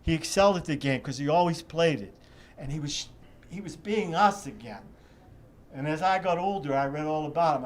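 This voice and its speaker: An older man from the Pittsburgh area, the executive director of a charity, appears as an interview guest and tells long, vivid stories, rambling and often restarting. His voice sits on the high side, with slight background noise behind it.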